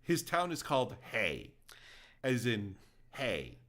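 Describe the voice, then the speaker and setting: A man's voice: medium pitch, wildly swooping pitch, takes it slowly, crowd noise. A man co-hosting a podcast, recapping a video game plot in casual chat. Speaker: podcast co-host.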